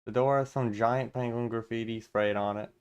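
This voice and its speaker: A man reading every part of a game story aloud in a steady, mostly plain voice, breaking off now and then for casual asides. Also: medium pitch, moderate pace, clean tone, highs cut off.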